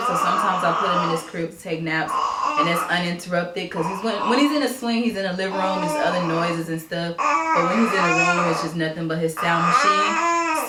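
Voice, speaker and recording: A woman's voice: roomy sound, heavy background noise. A young woman vlogging casually as a mom, chatting to camera at home with a baby on her knee. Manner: chatty, switches to high sing-song baby talk. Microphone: camera mic.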